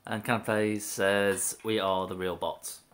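A man eating on a livestream, dry and low-key, reading out viewer comments between bites. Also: level tone, unhurried, a bit bright. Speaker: mukbang co-host reading chat. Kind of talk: casual chat while eating on a livestream. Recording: roomy echo.

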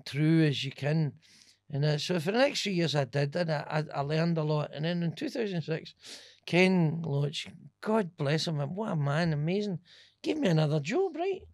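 A man's voice: on the high side, normal speed, no echo, studio quality. A Scottish man, a stand-up comedian, telling swear-laden stories in a casual podcast chat. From Scotland. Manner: animated, swearing, laughing storyteller.

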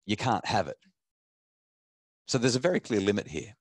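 A middle-aged man, an animated storyteller who restarts his sentences often as he gives parenting advice. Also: lowish voice, normal speed, no echo, clean studio sound. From Australia. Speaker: parenting expert. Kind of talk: talk to an online audience.

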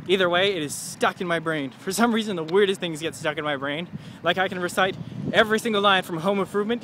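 Goofy vlogger in his twenties, high bright voice, self-mocking ramble, outdoors with faint traffic behind. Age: 20s. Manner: goofy, self-mocking, chatty, laughs at his own jokes. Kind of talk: rambling comedic video diary.

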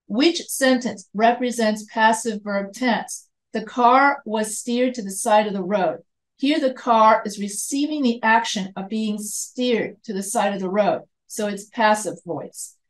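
A woman's voice: a little high, low-quality recording. An American woman teaching an online grammar lecture, explaining step by step, repeating points and correcting herself. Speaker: writing instructor.

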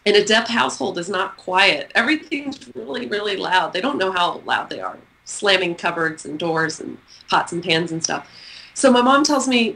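Bright, lively woman from Texas. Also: mid-range voice, moderate pace, poor audio. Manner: lively, expressive, laughs often. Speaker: guest author. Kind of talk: storytelling interview.

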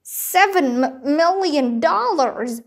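A woman's voice: high voice, expressive, extremely slow, exaggerated voice. A woman reading aloud, voicing an eager, curious young boy in a voice close to her own.

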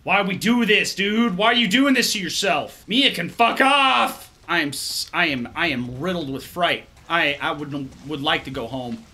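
Young guy playing a scary game, high voice that jumps all over, keeps cussing and muttering to himself. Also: expressive, moderate pace, few pauses, pushed and bright. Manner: jumpy, swearing, talks to himself. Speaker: gaming YouTuber. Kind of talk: let's play commentary.

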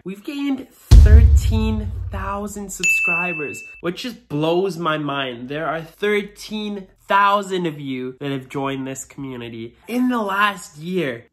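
A man's voice: sits high, a bit bright, slight background noise. A man who creates videos about keeping reptiles, looking back on his year in an earnest, grateful way, his voice slightly muffled from a cold. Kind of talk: reflective year-in-review vlog.

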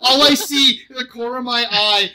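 A man's voice: very high voice, moderate pace, pushed and bright. A young man hosting a casual podcast chat, laughing and poking fun at himself. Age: young adult. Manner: laughing, self-deprecating, flustered. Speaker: podcast host.

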